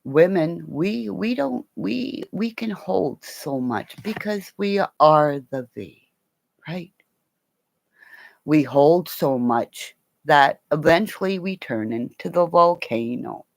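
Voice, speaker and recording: Uma mulher com sotaque canadense numa transmissão ao vivo, falando deitada num celular, rindo e xingando, pulando de assunto em assunto. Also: female voice, low-pitched, expressive, takes it slowly, creaky, no echo. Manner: giggly, swearing, jumps between topics and laughs often. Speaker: livestream host. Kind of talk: rambling livestream chat. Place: home, lying down. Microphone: phone held while lying down.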